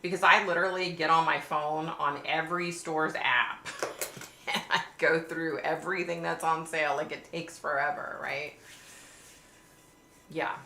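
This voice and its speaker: Chatty woman with a low, gravelly voice. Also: steady tone, measured pace, bright, forceful tone. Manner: chatty, reads viewer comments aloud and answers them. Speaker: livestream host chatting with viewers. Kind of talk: casual live chat. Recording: echoey room with faint hiss.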